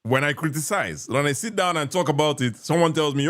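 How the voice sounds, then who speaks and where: A man's voice: a little high, a little fast, a bit bright. A man with a Nigerian accent hosting a casual podcast, reading viewer comments and asking pointed questions. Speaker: podcast host.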